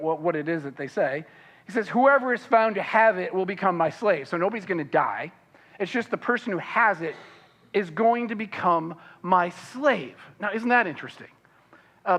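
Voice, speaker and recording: High-voiced man preaching a sermon. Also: in a large hall. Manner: reads scripture then explains it with many fillers and restarts; animated, voicing the characters' protests with rising pitch. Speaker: pastor.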